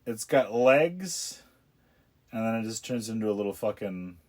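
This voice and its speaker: A man's voice: on the low side, expressive, measured pace, a little mellow. A young man hosting a casual movie commentary, profane and mocking, laughing at what he watches. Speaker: podcast host.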